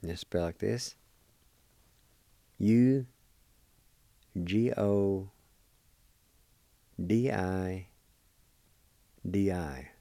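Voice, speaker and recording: Slow, deep-voiced male language teacher. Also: vocal fry, mellow, dry recording. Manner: slow, deliberate, syllable by syllable. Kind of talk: slow spelling and pronunciation lesson.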